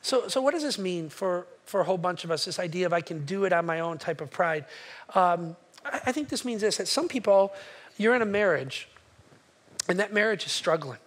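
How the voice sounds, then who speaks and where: A man with a high-pitched voice delivers a sermon from the pulpit. He keeps it conversational, often turning to the congregation with a quick "right?" to check they are following. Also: expressive, a bit bright. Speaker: pastor. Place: church sanctuary.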